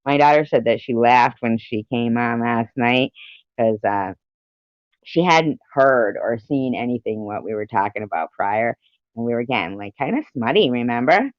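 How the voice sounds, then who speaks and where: A woman's voice: extremely low pitch, lively intonation, normal speed, no echo. A middle-aged woman hosting a casual livestream, reading chat messages aloud, giggling often and swearing freely. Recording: dull lo-fi home stream audio.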